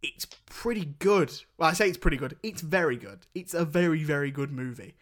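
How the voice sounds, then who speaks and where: Young man, podcast host, rambling casual chat, slightly high pitch. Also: brisk, fairly bright tone. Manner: rambling, chatty, laughs while retelling scenes.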